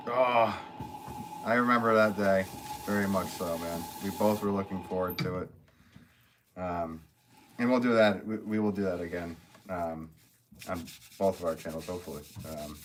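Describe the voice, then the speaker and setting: A man with a notably low voice hosts a casual live stream and reads viewer comments aloud. He is upbeat and chatty, laughs often and thanks people warmly. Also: noisy background. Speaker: potter hosting a live stream.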